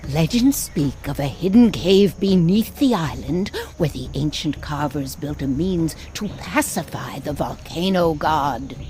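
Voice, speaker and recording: A woman's voice: medium pitch, darkish tone. A woman voicing an ancient talking stone head in a video game, grave and prophetic with a matter-of-fact turn.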